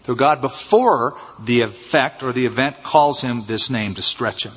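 A man preaching an expository sermon as pastor, animated and acting out little scenes in changed voices. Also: medium pitch, normal speed, husky. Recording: dull, reverberant church hall sound.

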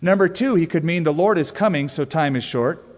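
A pastor giving an expository sermon in a conversational, folksy way with touches of wry humor, dropping to soft stress on key words. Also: male voice, on the high side, a little fast. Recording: long hall reverb.

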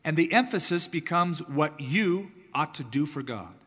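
A man preaching a sermon as pastor, driving points home with repeated words and swings between loud and soft. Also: fairly high pitch, expressive, normal speed, breathy edge, big-room sound.

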